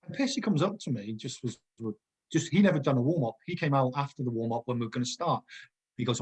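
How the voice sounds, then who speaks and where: Husky-voiced man telling footballer anecdotes. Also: medium pitch, fast talker, darkish tone. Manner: rambling anecdotes, digresses, laughs often. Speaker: former footballer guest. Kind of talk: casual storytelling chat.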